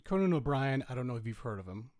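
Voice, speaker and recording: A man's voice: medium pitch, very animated, quick pace, a little mellow, no echo, clean studio sound. A man co-hosting a podcast in casual chat, rambling eagerly through his stories. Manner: enthusiastic, rambling storyteller. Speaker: podcast co-host.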